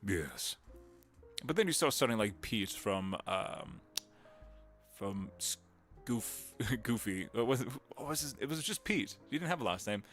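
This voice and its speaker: A man chats on a livestream in a gravelly, fry-heavy voice that sits fairly low yet swings lively up and down. He laughs easily and wanders between voice tips and stories. Faint music plays behind him on a home mic. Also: a little slow. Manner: chatty, giggly, drifts into voice demos. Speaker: voice actor streaming. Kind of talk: casual livestream chat.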